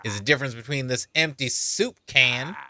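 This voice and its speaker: A streamer voicing a bitter, grumpy old townsman in a game, with a put-on Southern drawl and a gruff, grumbling delivery. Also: medium pitch, normal speed, sharp tone, slight background noise.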